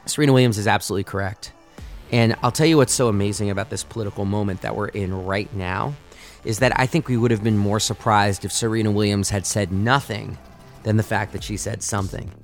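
A man hosting a sports podcast, delivering passionate, argumentative commentary. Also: on the low side.

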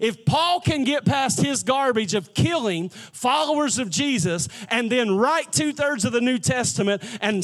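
A man's voice: very high-pitched, a bit bright. A man preaching a sermon in a conversational, emphatic way, often asking the congregation questions. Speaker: pastor.

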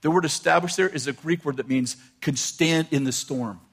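An older man preaching a sermon, animated and laughing often as he quotes scripture. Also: fairly high pitch, moderate pace. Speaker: pastor.

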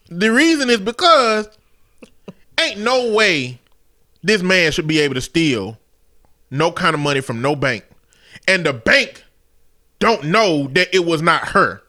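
Guy on a podcast roasting a movie, pretty high voice, bright and sharp, cusses, laughs a lot. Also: big pitch swings, measured pace, long pauses. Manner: blunt, critical, profane, laughing asides. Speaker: podcast co-host. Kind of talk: casual movie review chat.

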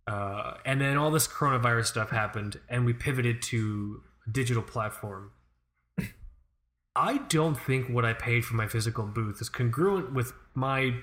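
A man's voice: mid-range voice, normal speed. A young man co-hosting a podcast, ranting in casual chat with lots of swearing. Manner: profane, ranting, animated. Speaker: podcast co-host.

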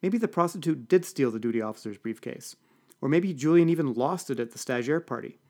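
A man voicing a sharp, condescending female diplomat who speaks in a cool, clipped way. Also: medium pitch, lively intonation, fairly quick. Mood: persuasive.

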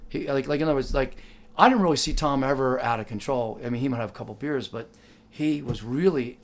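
A man's voice: mid-range voice, fast talker. An older man telling a casual, rambling anecdote, full of "like" and "you know" and acting out the other voices in his story. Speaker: storyteller recalling working as a driver.

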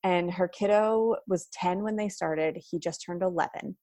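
A woman's voice: fairly low pitch, normal speed, warm tone, dry recording, studio quality. A woman talking casually about parenting, chatty, often adding "like" and "right?". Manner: chatty, frequent "like" and "right?" fillers. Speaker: parenting educator guest. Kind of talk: casual conversational advice.

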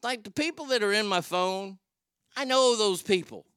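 A man's voice: sits high, normal speed, fairly bright tone, clean tone, dry recording. A man hosting a comedy show, talking casually in a sarcastic, profane, rambling way. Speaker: host.

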